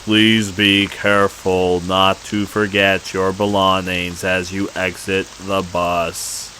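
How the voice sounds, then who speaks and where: An eerie male bus announcer, as a man puts him on in a horror game. He drones formal notices in a lowered, drawn-out voice. The voice stays bright in tone. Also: flat delivery, a little hiss or hum, full character voice.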